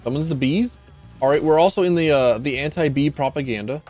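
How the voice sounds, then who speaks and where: A man's voice: a little high, a little fast, darkish tone, soft background music. A man streaming a video game, giving rambling, sarcastic commentary with frequent restarts. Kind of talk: casual gameplay commentary.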